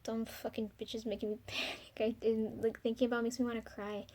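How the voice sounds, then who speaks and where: A young woman talking to the camera in a rambling, confessional video diary, full of ums, casual swearing and soft trailing pauses. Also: a little high, level tone. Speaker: vlogger.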